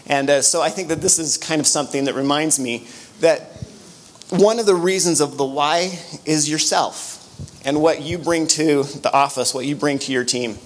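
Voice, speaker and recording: A middle-aged man speaks at a conference in a slightly high voice. He tells stories with energy and often restarts his sentences. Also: normal speed, slight background noise. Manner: storytelling, animated, with frequent restarts. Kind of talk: motivational conference talk with anecdotes. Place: conference room.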